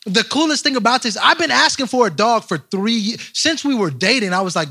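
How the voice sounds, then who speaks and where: A young man giving an animated, joking storytelling talk to a young crowd, addressing them directly. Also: high-pitched, a little fast, husky. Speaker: youth speaker.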